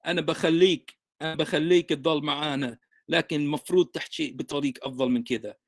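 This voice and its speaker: Fast, high-voiced man preaching in a dry room. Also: fairly even intonation, no room sound. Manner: switches between English and Arabic, emphatic and repetitive. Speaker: Christian broadcaster answering commenters. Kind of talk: direct-to-camera preaching address.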